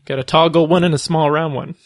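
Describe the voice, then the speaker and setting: A man hosting a casual film discussion, measured and unhurried, steering the talk. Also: on the high side, steady tone, dry recording, clean studio sound.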